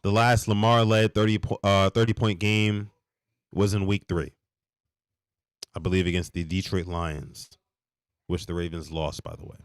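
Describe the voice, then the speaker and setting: Hoarse man ranting on a sports stream. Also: sits low, normal speed, long pauses, dry recording, clean studio sound. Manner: animated, exasperated ranting with repeated restarts. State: hoarse, under the weather. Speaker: podcast host. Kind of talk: late-night live sports reaction stream.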